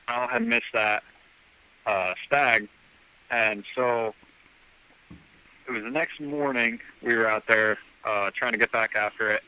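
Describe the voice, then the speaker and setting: Guy telling a story on a podcast, super bright sharp voice, keeps going "i'm like", kinda dull lo-fi sound. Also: medium pitch, smooth. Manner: rambling, acts out the dialogue with "I'm like" quotes. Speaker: guest hunter. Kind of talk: casual storytelling.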